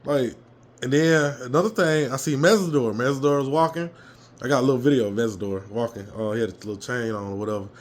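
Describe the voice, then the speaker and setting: A man telling a fired-up story from a football game he attended, his voice a little hoarse, swearing freely and jumping into loud reenactments. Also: medium pitch, fast talker. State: slightly hoarse. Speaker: fan commentator. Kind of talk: casual fan rant.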